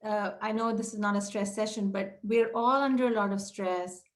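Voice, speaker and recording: A woman's voice: steady tone, normal speed. A middle-aged woman presenting a training webinar for childcare leaders, speaking directly to listeners and acting out short quoted exchanges. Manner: breaks into quoted dialogue with raised pitch. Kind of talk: webinar teaching talk.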